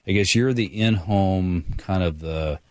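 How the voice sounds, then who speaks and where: A man's voice: low-pitched, measured pace, no room sound. A man hosting a radio talk show in a casual, folksy way, with many fillers and direct address to listeners.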